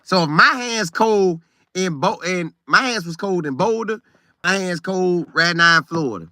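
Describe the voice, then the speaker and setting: A middle-aged man hosts a casual live stream and reads viewer comments aloud. His voice sits a little high and has a bright, forceful edge. He talks loosely and repeats phrases for emphasis, and the sound is dry and close. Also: animated, moderate pace, dry recording. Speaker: show host reading live chat. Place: Florida.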